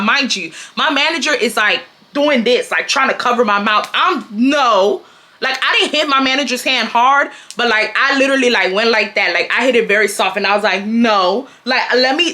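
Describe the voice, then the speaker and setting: Bright-voiced young woman telling a story. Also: a little high, moderate pace. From Houston, Texas. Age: 20s. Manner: animated, profane, addresses viewers as y'all. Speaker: storytime vlogger. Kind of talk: casual storytime chat to camera. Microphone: camera mic.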